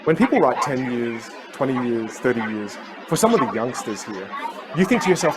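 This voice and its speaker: A man coaching on communication at a live seminar. He acts out inner voices with big jumps in pitch. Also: sing-song, moderate pace, crowd noise, noisy background.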